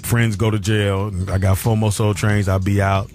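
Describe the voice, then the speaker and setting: A man's voice: fairly low pitch, level tone, normal speed, music in the background. A man hosting an online radio talk show, chatting casually with co-hosts and callers, laughing often and swearing freely.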